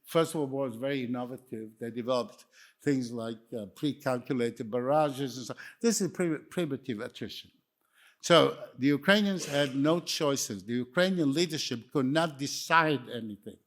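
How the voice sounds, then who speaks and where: A man's voice: mid-range voice, moderate pace, fairly bright tone. An older man, not a native English speaker, giving a wry, anecdotal talk that wanders from story to story. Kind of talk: lecture talk.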